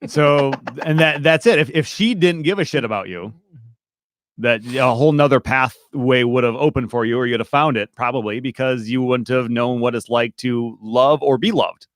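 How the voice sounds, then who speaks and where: A man's voice: mid-range voice, moderate pace, dry recording, clean studio sound. A man hosting a podcast, reflective and asking probing questions. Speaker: podcast host. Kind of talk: conversational podcast talk.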